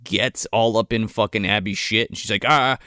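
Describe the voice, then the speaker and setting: A man's voice: lowish voice, a little fast, no echo, studio quality. A man co-hosting a podcast, recapping a movie in casual chat, cursing freely and acting out the characters. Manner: animated, profane, acts out characters in silly voices. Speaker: podcast co-host.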